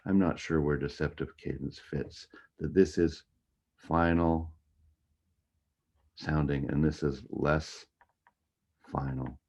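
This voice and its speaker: A man's voice: rumbling low, steady tone, takes it slowly, long pauses, darkish tone. A man teaching a music theory lesson in a casual way, humming tunes to show his point. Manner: casual, hums and scats the melodies. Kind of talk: recorded online lecture. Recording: dull lo-fi audio.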